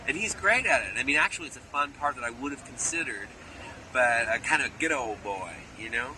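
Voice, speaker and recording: A man in an animated interview, telling playful stories and slipping briefly into character voices, recorded outdoors near traffic. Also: mid-range voice, fairly quick, low-quality recording. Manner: playful storyteller who slips into character voices. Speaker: actor interviewee. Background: street and car noise.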